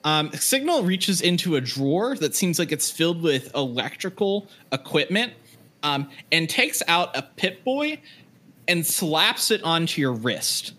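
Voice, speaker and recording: A man's voice: a little high, sing-song, unhurried, sharp tone. A man narrating as game master of a tabletop game, loose and full of fillers.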